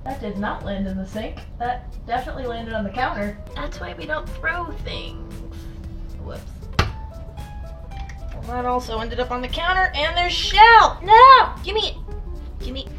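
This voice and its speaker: A young woman vlogging casually from her home kitchen as she bakes. She chats, swears freely and breaks into loud exclamations. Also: a little high, moderate pace. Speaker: baking vlogger. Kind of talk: casual baking vlog. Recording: distant mic, background music.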